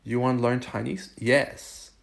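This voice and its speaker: A man from Germany hosting a casual livestream, chatting with viewers and haltingly trying out Chinese phrases. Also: mid-range voice, fairly even intonation, creaky. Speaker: livestream host. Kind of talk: casual live chat answering viewers.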